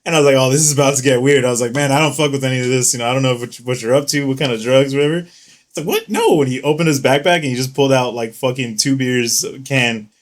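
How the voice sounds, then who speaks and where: A young man in a loose co-host chat, laughing often and swearing as he tells stories. He is tipsy from beer and voices the people in his anecdotes. His pitch sits in a plain middle range. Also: quick pace. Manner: laughing, swearing, animated retelling. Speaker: podcast co-host. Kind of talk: casual chat.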